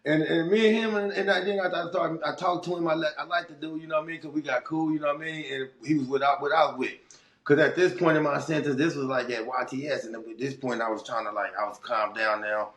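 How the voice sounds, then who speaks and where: A middle-aged man from Los Angeles, appearing as a guest, tells his story in a casual, streetwise, rambling way, restarting often and saying "you know what I'm saying" a lot. His voice is on the high side, fast, slightly bright, and steady in tone. The recording has a roomy echo.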